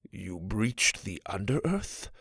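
Man doing a stern father, hot-tempered, formal, gravelly. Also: on the low side, big pitch swings, slow pace, no echo, clean studio sound, full character voice. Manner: stern, formal, shouts in bursts.

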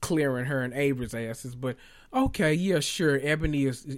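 A man hosting a podcast, recapping reality TV in a loud, profane, animated way with sudden high squeals. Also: moderate pace. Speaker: podcast host.

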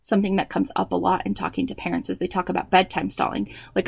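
A woman in her thirties giving parenting advice, explaining tips clearly and slipping into quoted dialogue. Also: fairly low pitch, flat delivery, fast talker, hardly any pauses, no room sound. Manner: warm explanatory, acts out quoted dialogue with kids. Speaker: parenting educator. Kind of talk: advice talk.

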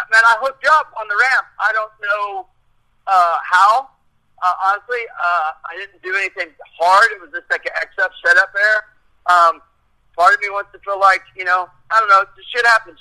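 A middle-aged man with a high, piercingly bright voice tells a long story in casual chat. He rambles, swears freely and acts out the lines of the people in it. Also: poor audio. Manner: profane, rambling, acts out quotes. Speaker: guest telling a story.

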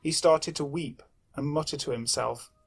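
A man reads a horror story in a measured, somber voice that is husky and pitched a little high. Faint music plays under his narration.

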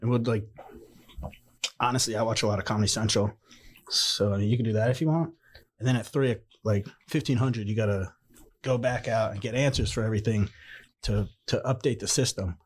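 A man's voice: on the low side, fairly quick, slightly rough. A young man casually telling a story, acting out the quotes as he goes. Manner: animated anecdotes with acted-out quotes. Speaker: podcast guest, former Marine.

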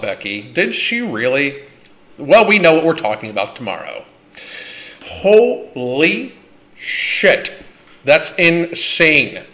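A man's voice: a little high, pushed and bright. A man hosting a livestream Q&A, talking in a blunt, profane and combative way. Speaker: livestream host. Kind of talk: livestream Q&A rant.

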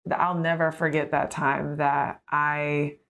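A woman in her thirties hosting a podcast, telling a personal story in a casual, animated way with frequent laughs, fillers and restarts. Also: deep voice, a little slow. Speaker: podcast host.

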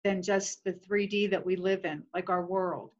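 A woman's voice: on the low side, steady tone, moderate pace, darkish tone. Chatty woman host, lo-fi sound. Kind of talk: casual conversation. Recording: dull lo-fi sound.

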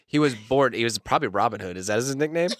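A man co-hosting a podcast, reading forest history aloud with deadpan joking remarks. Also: mid-range voice, fast, dry recording, studio quality. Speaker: podcast co-host. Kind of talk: casual reading with jokes.

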